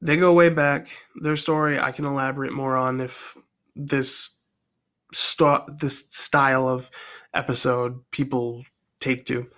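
A man casually telling his own story idea aloud, rambling and thinking out loud as he goes. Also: mid-range voice, level tone, slow pace.

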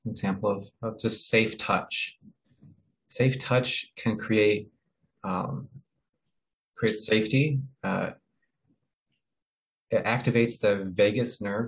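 A man presenting in a webinar, explaining ideas in a halting way with many fillers and restarts. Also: on the low side, low-quality recording. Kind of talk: informal educational talk.

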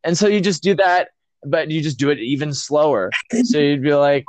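A man's voice: fairly high pitch, moderate pace, no echo. An American man chatting on a podcast, swearing constantly and ranting jokily. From United States. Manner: animated, swears constantly, jokey rants. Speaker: podcast guest. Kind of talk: casual chat.

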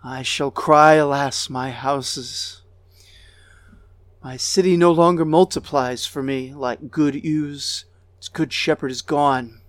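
A man voicing a grieving goddess queen who mourns her ruined city in a high, keening lament. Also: steady tone, takes it slowly, fairly bright tone, no room sound.

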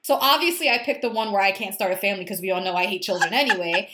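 A young woman co-hosts a casual podcast, telling her stories with animated energy. Her voice sits at an ordinary middle pitch. The recording has a roomy echo around her. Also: rapid-fire, noisy background. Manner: animated storyteller, acts out quoted dialogue. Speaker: podcast co-host. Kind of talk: casual chat.

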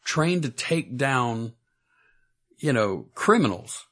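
A man's voice: medium pitch, very animated, slow, a bit bright. A man co-hosting a podcast in casual chat, stammering and restarting his sentences. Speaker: podcast co-host.

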